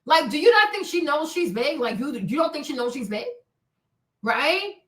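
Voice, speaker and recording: A woman's voice: high-pitched, big pitch swings, moderate pace, a bit bright, roomy sound. A woman hosting a commentary livestream, talking emphatically and often checking in with "right?" and "okay?". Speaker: host.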